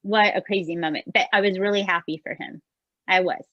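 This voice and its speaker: A woman co-hosting a podcast, chatting in an expressive way and often asking "right?". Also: mid-range voice, a little fast, no room sound, lo-fi sound. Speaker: podcast co-host. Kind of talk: casual chat recapping a show.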